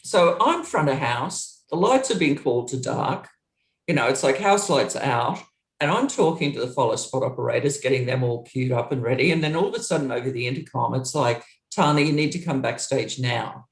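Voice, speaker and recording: A woman's voice: brisk, roomy sound. A middle-aged woman, a former touring roadie, telling a story in an interview, acting out the dialogue and laughing as she goes. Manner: lively, acts out quoted dialogue with big pitch jumps.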